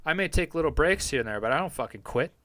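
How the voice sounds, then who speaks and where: A man's voice: on the high side, animated, fast talker, bright, forceful tone, no room sound. A young man chatting casually on a live stream from his home basement, rambling and swearing often in a laid-back way.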